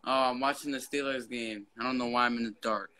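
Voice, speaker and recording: A man's voice: medium pitch, steady tone, fairly quick, pushed and bright, clean tone. Sheepish young man from Virginia. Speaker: caller. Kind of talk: casual chat.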